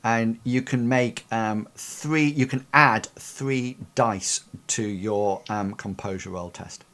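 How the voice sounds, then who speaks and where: A man's voice: on the low side, slow, a bit bright. Hesitant man running a tabletop game. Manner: hesitant, many fillers and restarts. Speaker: game master.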